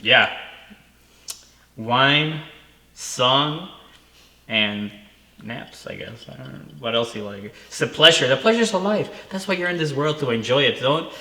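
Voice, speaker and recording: A man chatting casually as co-host, laughing easily and dropping swear words as he goes. His voice is very bright and forceful. It rings around an echoey room. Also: mid-range voice, animated, measured pace, long pauses. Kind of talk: casual chat.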